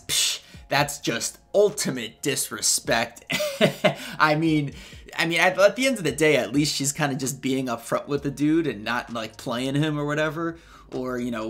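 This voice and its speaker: A young man in his twenties talks through text screenshots in a casual, slang-heavy way, chuckling as he goes. His voice sits at an everyday middle pitch for a man. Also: fairly bright tone. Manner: slangy and laid-back, chuckling often. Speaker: YouTuber. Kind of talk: casual commentary on read-out text messages.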